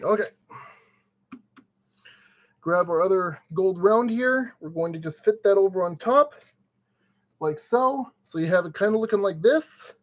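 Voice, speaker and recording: A man's voice: high voice, expressive, measured pace, long pauses. A man streaming casually and talking himself through a brick-kit build step by step. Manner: chatty, talks himself through each step.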